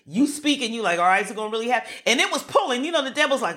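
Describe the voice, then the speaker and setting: A woman preaching a sermon to an online group, animated and laughing often, calling for responses from her listeners. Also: fairly high pitch, racing, few pauses.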